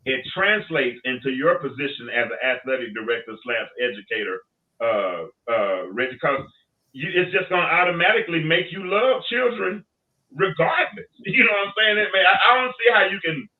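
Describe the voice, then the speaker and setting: A man hosting a casual panel talk, telling stories in an animated, plain-spoken way. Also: on the high side, moderate pace. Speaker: talk show host. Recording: tinny phone line, distant from mic.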